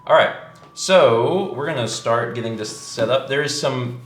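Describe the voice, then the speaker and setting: A man's voice: mid-range voice, measured pace, roomy sound, soft background music. A man hosting a stream, chatting casually and reading out game rules in an easygoing, patient way.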